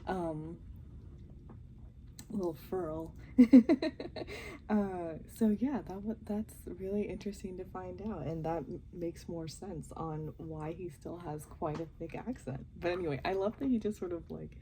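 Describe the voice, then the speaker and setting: A young woman chatting casually and softly at home as she reacts to a TV show, often giggling. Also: fairly low pitch, measured pace, slight background noise, poor audio. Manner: talking softly and quietly, giggly. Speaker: reaction vlogger. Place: home while family sleeps.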